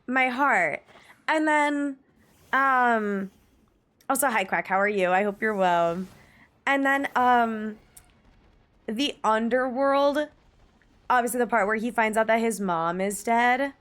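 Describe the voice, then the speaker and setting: A slightly high, somewhat bright voice that takes its time and pauses often belongs to a woman on a casual livestream. She gushes emphatically to viewers, reads chat out loud, and throws in the odd swear.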